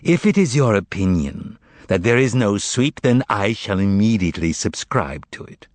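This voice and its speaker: A man's voice: on the low side, very animated, moderate pace, a little mellow, no echo. A man voicing a boastful, cheeky giant male cat in an audiobook. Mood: cocky. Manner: cocky, teasing, then meek. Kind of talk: audiobook character voice.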